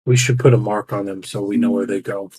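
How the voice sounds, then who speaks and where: A man's voice: on the low side, fairly even intonation, brisk, a little mellow, slightly rough. A man playing in a tabletop game, joking around with profane banter. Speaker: player. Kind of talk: casual tabletop game play.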